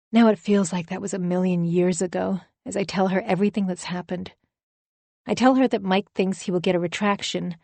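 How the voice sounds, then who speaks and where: A woman narrating a first-person thriller audiobook in a measured, wry, confessional manner. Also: lowish voice, darkish tone, dry recording.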